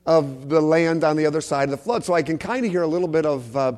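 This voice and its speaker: A man preaching a sermon in a church, emphatic, repeating key phrases and swinging from soft to loud. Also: on the high side, fast talker, hardly any pauses. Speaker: pastor.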